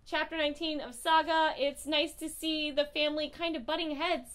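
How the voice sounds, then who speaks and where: A woman's voice: high voice, flat delivery, normal speed, fairly bright tone. A young woman reviewing comic books in a casual vlog, blunt and profane, swinging between gushing and furious.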